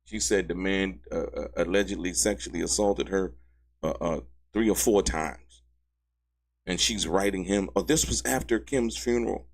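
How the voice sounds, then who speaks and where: Male commentary host, casual, low-pitched voice that shoots up when he's indignant, emphatic repeater. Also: normal speed, vocal fry. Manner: excitable, repeatedly addressing "ladies and gentlemen", pitch leaping high when outraged; laughs mid-sentence, emphatic repetition.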